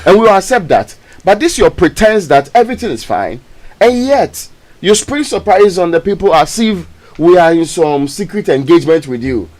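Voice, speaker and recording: A man with a Ghanaian accent co-hosting a morning radio show, voicing a forceful complaint. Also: high-pitched, expressive, normal speed.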